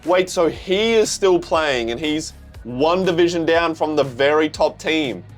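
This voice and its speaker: A young man with an Australian accent, excitedly reacting to a manga, swearing often and calling things crazy. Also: fairly high pitch, a little slow, soft background music. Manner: excitable, swears, says "bro" a lot. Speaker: manga reaction channel host.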